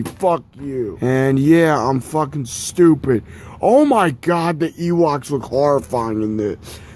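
Here a young man with a slightly high, somewhat mellow voice presents his DVDs. His casual vlog is rambling and profane, full of self-deprecating jokes.

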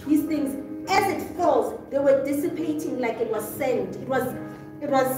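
A woman with a high, bright voice tells her story with animation, acting out the voices of the people in it. She sounds distant, caught in a very echoey room. Music plays clearly underneath. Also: normal speed. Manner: expressive storyteller, acts out voices, laughs often. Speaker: guest testifying. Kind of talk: animated testimony.

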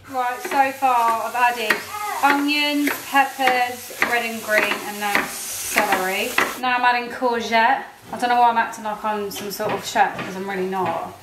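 A pregnant woman chats candidly to her camera while she gets on with her day at home. Her voice sits a little high, and the room is echoey. Clear household noise runs under her talk. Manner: chatty and candid, talks to a toddler in between. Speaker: vlogger. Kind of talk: casual chat to camera. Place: home, in a kitchen.

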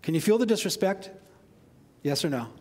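A man preaching a sermon as pastor, animated and conversational, often asking the congregation questions. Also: on the high side, moderate pace. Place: church sanctuary. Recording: long hall reverb.

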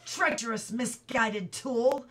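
A woman's voice: mid-range voice, fairly even intonation, takes it slowly, recorded from a distance. Woman reading as a hot-tempered young boy. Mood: angry. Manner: shouting in anger, archaic phrasing.

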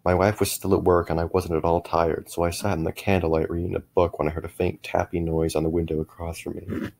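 A middle-aged man narrating a first-person horror story in a measured way, with frequent small restarts. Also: low-pitched, little pitch movement, creaky, darkish tone.

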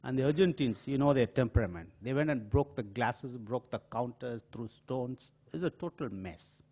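An older man from India with an Indian accent, a diplomat telling anecdotes in a lecture in an auditorium, with some pauses and hesitations. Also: mid-range voice, animated, mellow. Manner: storytelling with acted quotes and pauses, some filler hesitations. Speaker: diplomat giving a talk.

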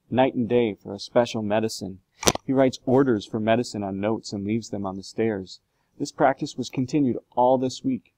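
A man's voice: medium pitch, lightly acted, low-quality recording. A man reading aloud, voicing a worried, loyal middle-aged butler in a storybook. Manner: urgent, pleading, raised voice.

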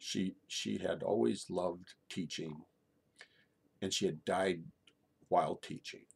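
A middle-aged man telling a true personal story in a halting way, often repeating and restarting his words. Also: low voice, steady tone, gravelly, slightly rough.

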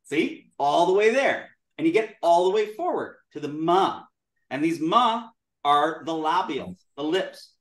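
A man with a high, animated voice leads a class, sounding out syllables for students to repeat. The room rings with a roomy echo. His delivery is demonstrative and lively. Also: measured pace, recorded from a distance. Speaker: Sanskrit teacher. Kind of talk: classroom lesson with call-and-response.

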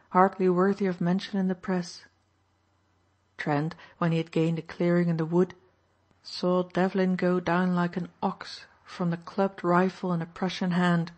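A woman narrating an audiobook in a steady, even reading voice. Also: lowish voice. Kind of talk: scripted narration.

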